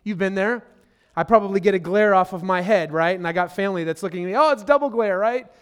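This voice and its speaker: A pastor delivers his sermon in a notably high male voice. He is earnest and emphatic, leans on repeated phrases for weight, and keeps turning to the congregation as friends. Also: fairly even intonation, quick pace, smooth. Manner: addresses listeners directly as friend.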